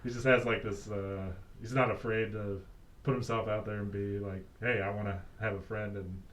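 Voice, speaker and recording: A man's voice: fairly low pitch, flat delivery, normal speed, a bit bright. A man co-hosting a movie podcast, talking in an easygoing way and acting out the characters' lines. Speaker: podcast co-host. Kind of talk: casual movie review chat.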